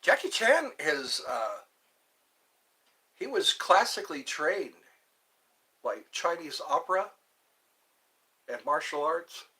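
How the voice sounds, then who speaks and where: Guy rambling on his home livestream, slow talker, voice bouncing up and down. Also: on the high side, very animated, pushed and bright. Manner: rambling, chatty, answers chat questions aloud. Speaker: livestream host. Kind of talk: casual chat reading viewer comments.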